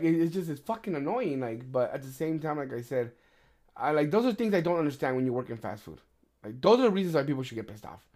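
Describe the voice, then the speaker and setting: A middle-aged man hosting a podcast, telling stories in casual chat, swearing often and getting animated. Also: on the high side, fast. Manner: profane, animated storyteller. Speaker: podcast host.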